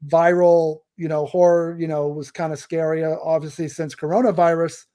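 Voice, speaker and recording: A man's voice: a little high, level tone, normal speed, mellow, smooth. A man co-hosting a film podcast, chatting casually in an easygoing, rambling way. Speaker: podcast co-host. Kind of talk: casual film-review chat.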